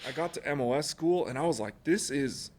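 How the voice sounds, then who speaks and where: In a quick, somewhat high voice with a darkish tone, a man from Alaska who served in the Marines spins casual podcast stories, swearing freely, speaking bluntly, and laughing as he goes.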